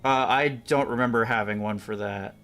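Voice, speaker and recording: A man's voice: on the low side, moderate pace, creaky, over loud music. A man chatting casually with guests while playing a shooter on stream, swearing freely as he goes.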